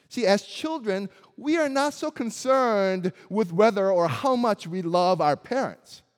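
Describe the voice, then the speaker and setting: A man whose first language is Korean, preaching a sermon in an earnest, emphatic way and building through lists of rhetorical questions. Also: high-pitched. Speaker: pastor. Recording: long hall reverb.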